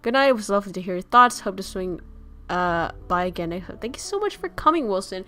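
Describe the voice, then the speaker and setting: A woman's voice: medium pitch, animated, quick pace, sharp tone. Laughing, swearing woman streamer. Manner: laughs often, swears casually, jokey and rambling. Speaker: streamer host. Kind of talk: casual chat stream.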